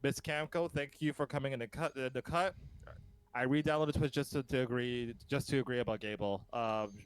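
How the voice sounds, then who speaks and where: A man hosting a casual podcast chat, enthusiastic, laughing often and filling pauses with ums. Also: medium pitch, steady tone, clear, resonant tone, no room sound, rough recording. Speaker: podcast host.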